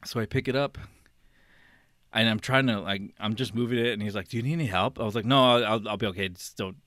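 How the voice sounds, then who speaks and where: A man on a podcast telling a long story in casual chat, rambling and animated, acting out what people said and laughing often. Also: lowish voice, quick pace, dry recording, studio quality. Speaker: podcast co-host.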